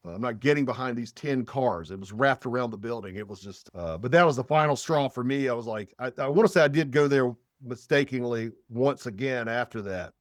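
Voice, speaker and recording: A man's voice: mid-range voice, fairly quick, hardly any pauses, no echo, clean studio sound. A man in casual podcast chat, telling a long story with many fillers and restarts. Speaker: podcast guest.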